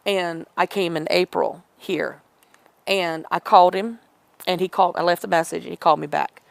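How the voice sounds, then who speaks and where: A middle-aged woman recounts a personal story in an interview, her voice low and edged with fry. She rambles, restarts and corrects herself as she retells old conversations. The sound is close and dry. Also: fairly even intonation, moderate pace, no room sound.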